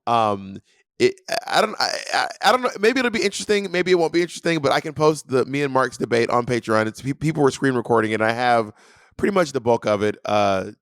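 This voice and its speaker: Young guy on a podcast, sassy and animated, dry close sound, chatty storytelling. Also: medium pitch, fast talker, no room sound. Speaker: podcast co-host. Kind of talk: casual chat.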